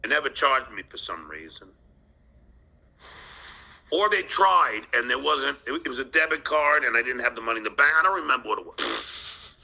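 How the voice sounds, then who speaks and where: A man rambling through an angry personal story, restarting often and bursting into shouted swearing. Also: mid-range voice, very animated, moderate pace, vocal fry, long pauses.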